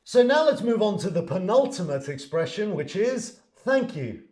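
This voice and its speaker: A man's voice: sits high, very animated, moderate pace, darkish tone. A man giving a lesson, explaining words and acting out example sentences. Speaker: English teacher. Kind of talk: online language lesson. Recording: echoey room.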